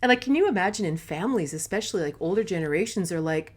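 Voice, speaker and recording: A middle-aged woman hosting a casual live talk, chatty and quick to laugh, with lots of "like" and "right?". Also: lowish voice, animated, breathy edge. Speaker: host.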